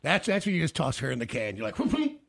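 A man's voice: mid-range voice, sing-song, quick pace, gravelly, a bit bright. A man chatting casually as a podcast co-host, joking and laughing a lot as he swaps stories. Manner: joking, laughs often, restarts words. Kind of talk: casual chat.

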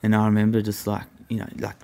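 A man's voice: lowish voice, completely flat delivery, fast talker, mellow. A young man, a guest, telling a story in a profane, rambling way full of fillers. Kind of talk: casual storytelling.

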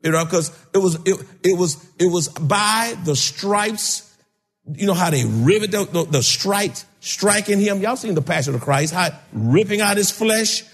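A man preaching a sermon, calling out to his congregation and rising to shouts. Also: high voice, expressive, measured pace, breathy edge. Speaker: pastor. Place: church sanctuary. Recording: long hall reverb.

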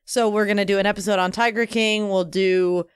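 A woman's voice: medium pitch, fairly even intonation, brisk, clean tone, dry recording, studio quality. A young woman co-hosting a casual podcast in an easygoing, often laughing way. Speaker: podcast co-host.

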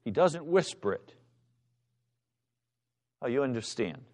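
A man's voice: mid-range voice, very animated, slow. A male pastor preaching a sermon with passion, acting out the voices of the people in his story. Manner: impassioned preacher, acts out shouting voices.

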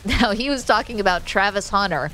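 A woman co-hosting a sports radio show, upbeat and quick to laugh. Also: mid-range voice, lively intonation, a bit bright, faint music behind. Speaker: radio co-host.

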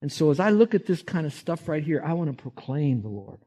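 A man's voice: on the high side, sing-song, fairly quick, dark tone. A man preaching a sermon in an earnest, conversational way, rising emphatically to make his points.

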